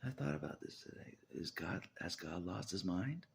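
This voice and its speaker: A man vlogging alone to his camera in a rambling monologue, swinging between loud outbursts and low muttering, breaking into laughs. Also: expressive, normal speed, vocal fry, slight background noise. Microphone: camera mic.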